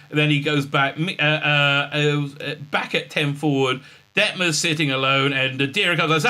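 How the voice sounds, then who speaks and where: A man's voice: medium pitch, pushed and bright. A man hosting a casual review vlog, sarcastic and mocking, rambling with many fillers. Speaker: show host and reviewer.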